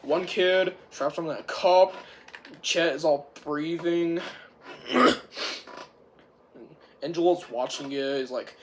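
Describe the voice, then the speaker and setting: A reviewer with a sore throat rambling casually through a film's plot, clearing their throat again and again. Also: mid-range voice, slow, pauses often, a little hiss or hum. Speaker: film reviewer. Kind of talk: rambling casual movie recap.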